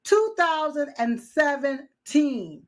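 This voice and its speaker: A woman's voice: high-pitched, very animated, slow. A woman co-hosting a political commentary show. She explains events step by step, echoes her co-host and speaks straight to viewers.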